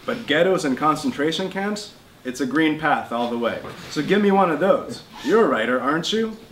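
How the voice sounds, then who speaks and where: A man's voice: fairly high pitch, expressive, normal speed, pitched above the performer's own voice. A man doing a stubborn, insistent old grandfather. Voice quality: clipped broken English. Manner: emphatic, insistent, raised and louder voice. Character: stubborn old immigrant grandfather, male, forceful. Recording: roomy bookshop with faint noise.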